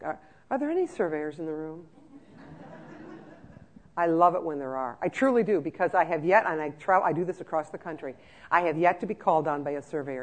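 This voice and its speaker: A trainer giving a lively, joking talk to care-home staff, acting out scenes as they speak. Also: medium pitch.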